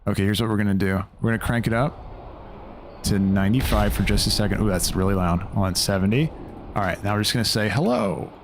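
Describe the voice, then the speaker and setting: Rambling low-voiced young streamer man. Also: fairly even intonation, quick pace, noisy background. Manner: rambling, loose, swears casually. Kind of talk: casual live-stream gaming commentary.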